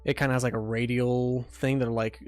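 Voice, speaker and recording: Here the streamer's voice is medium-pitched and level, moving a little fast, with no room sound at all. He is still eating and talking casually about making his game, wandering off with lots of fillers and false starts.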